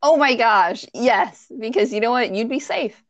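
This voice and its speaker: At a normal pace and with no room sound, a woman tells a childhood story in casual chat. She's animated and self-mocking, laughing as she goes and voicing the people in the tale with squeaky high voices.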